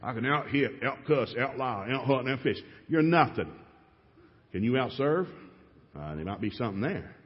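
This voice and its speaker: Middle-aged guy preaching, storytelling all animated, long hall reverb, kinda dull muffled sound. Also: medium pitch, moderate pace. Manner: animated storytelling with shouted re-enactments. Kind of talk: sermon.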